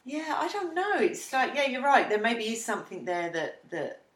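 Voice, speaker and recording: A woman co-hosting a casual podcast chat, reflective and quick to agree. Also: on the high side, big pitch swings, echoey room. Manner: agreeable, reflective, many yeahs. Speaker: podcast co-host.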